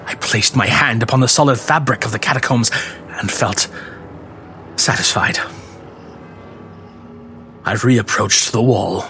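Guy reading an old horror tale real slow and theatrical, bright clear tone, goes to a whisper for the creepy bits. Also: medium pitch, faint music behind. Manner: slow, theatrical, dropping to hushed whispers for dread. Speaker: narrator. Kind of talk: dramatic reading of a classic horror story.

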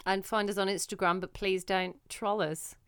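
A woman's voice: mid-range voice, little pitch movement, normal speed, a bit bright, clear, resonant tone, no echo, studio quality. Teasing woman podcast co-host. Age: young adult. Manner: teasing, joking. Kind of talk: casual chat.

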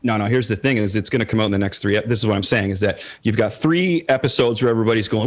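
Fast-talking animated man chatting. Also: fairly low pitch. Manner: animated, rambling with many restarts. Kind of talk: casual pop-culture chat.

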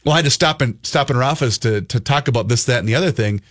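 A man hosting a casual radio talk show, telling stories in an animated way and acting out the quotes. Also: mid-range voice, fast talker. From Minnesota. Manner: animated storyteller, acts out quotes.

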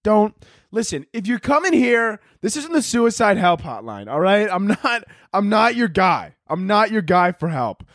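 A man's voice: high-pitched, sing-song, moderate pace, a bit bright, no room sound, clean studio sound. A young man hosting a solo comedy podcast, ranting crudely and acting out little characters in his bits. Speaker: podcast host.

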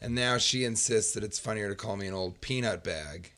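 A man's voice: lowish voice, fairly quick, pushed and bright. A man co-hosting a podcast, trading dry, teasing jokes in casual chat. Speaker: podcast co-host.

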